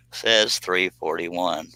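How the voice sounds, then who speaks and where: Low, forceful man. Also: extremely slow, no room sound, poor audio. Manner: joking, chatty, reads out viewer comments. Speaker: livestream host doing scroll saw work. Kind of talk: casual live-stream chat.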